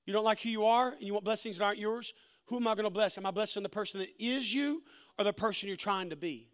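A man preaching a sermon with a high voice. He is impassioned and repeats words as he acts out the dialogue of the story. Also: quick pace, fairly bright tone, clear, resonant tone.

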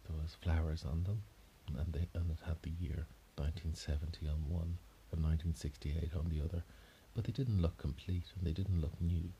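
A man's voice: a bass voice, steady tone, fairly quick, creaky, few pauses, dark tone, muffled recording, a little hiss or hum. A man telling an improvised detective story, rambling with frequent restarts and self-corrections.

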